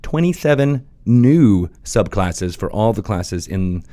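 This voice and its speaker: A young man hosting a podcast in casual studio chat, rambling with lots of fillers and quick laughs. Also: on the low side, animated, warm tone. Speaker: podcast host.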